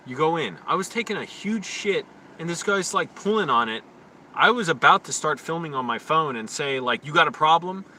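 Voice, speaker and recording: A man's voice: medium pitch, slight background noise. Rambling man ranting outdoors on a phone. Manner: rambling, quick to rant and get loud. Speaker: live-streaming YouTuber. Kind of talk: rambling live-stream talk to chat. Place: outdoors in an urban park.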